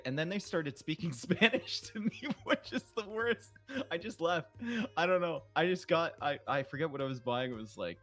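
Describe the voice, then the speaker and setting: Male co-caster, middling pitch, rambly and self-mocking, light music bed. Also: fairly bright tone. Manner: rambling, self-deprecating, restarts. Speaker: esports caster. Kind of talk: casual stream chat.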